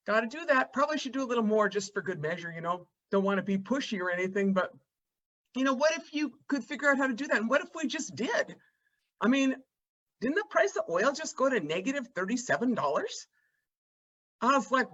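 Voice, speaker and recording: A woman's voice: on the high side, a little fast, a bit bright, lo-fi sound. A woman panelist from the United States giving her opening thoughts from her rural home in a casual, wry way, full of "you know" and joking asides. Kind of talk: conversational panel talk.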